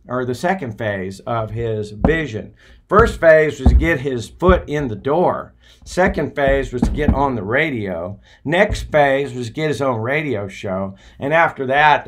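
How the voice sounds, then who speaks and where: A man hosts a talk show and tells a story in a loose, rambling monologue. He often stops to hesitate before picking the thread back up. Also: medium pitch. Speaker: podcast host.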